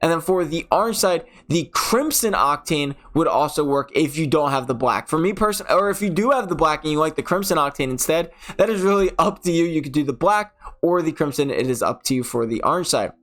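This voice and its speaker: A man's voice: fairly high pitch, animated, fairly quick, hardly any pauses, fairly bright tone, soft background music. A young man casually talking through game car designs as a video host, rambling a little with fillers and self-corrections. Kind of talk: casual game commentary voice-over.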